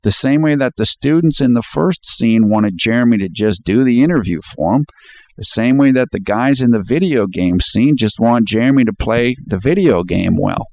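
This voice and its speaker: A man's voice: mid-range voice, animated, moderate pace, darkish tone, dry recording. A man talking casually as he breaks down a video scene by scene, often chuckling while quoting lines. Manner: chatty, quotes lines with laughs. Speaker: commentator.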